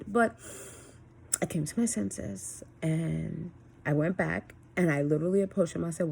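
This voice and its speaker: A woman with a low, husky voice speaks in a casual vlog monologue. She talks bluntly and candidly, swearing freely. She keeps an even, steady tone, broken by quick emphatic bursts. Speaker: single parent vlogger.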